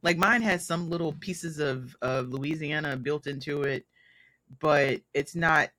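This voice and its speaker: A man's voice: fairly high pitch, measured pace, pushed and bright, no room sound. A man in his thirties from Mississippi, a guest telling stories in casual conversation and laughing often.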